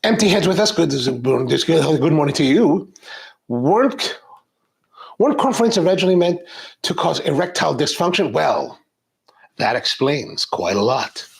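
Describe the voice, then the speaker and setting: A middle-aged man hosting a coffee live stream, chatting in a rambling, animated way and reading viewer comments aloud. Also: fairly high pitch, measured pace, gravelly, breathy edge. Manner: rambling, animated, frequent restarts. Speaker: coffee show host.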